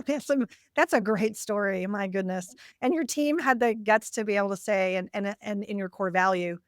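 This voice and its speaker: A woman's voice: mid-range voice, normal speed, no echo, clean studio sound. A woman hosting a podcast, chatting casually and laughing easily with her guest. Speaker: podcast host. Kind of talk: casual interview chat.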